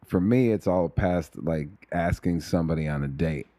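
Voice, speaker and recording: A man with a very low voice talks in relaxed podcast chat, joking at his own expense. The sound is close and dry, with no room around it. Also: normal speed, dry recording. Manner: loose, self-mocking, chuckles often. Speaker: podcast guest. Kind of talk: casual chat.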